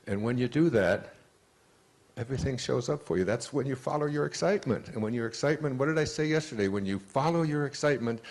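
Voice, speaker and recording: A man giving a motivational talk, telling personal stories in an animated way, acting out the voices he quotes, with many restarts. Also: mid-range voice. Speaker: motivational speaker.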